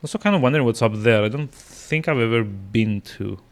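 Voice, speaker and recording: A man's voice: mid-range voice, a little fast. A man streaming a video game, rambling with lots of fillers and restarts as he plays. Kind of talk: casual gameplay commentary.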